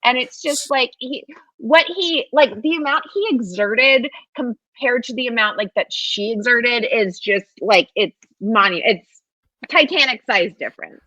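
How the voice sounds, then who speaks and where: Giggly high-voiced young woman guest. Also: measured pace, bright, forceful tone, no echo, rough recording. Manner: giggly, heavy use of "like". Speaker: podcast guest. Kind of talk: casual comedic chat.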